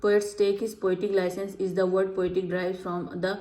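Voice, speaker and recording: Working through exam questions, a female teacher reads all the options aloud and repeats the correct answer slowly afterward. The room is echoey, and her medium-pitched voice stays mellow and flat.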